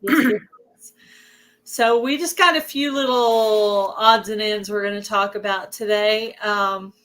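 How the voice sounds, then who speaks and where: A woman with a Southern US accent hosting a casual livestream chat. Her voice is hoarse, and she chats away and greets viewers by name. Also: mid-range voice, fairly even intonation, measured pace, fairly bright tone. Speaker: host of a livestream.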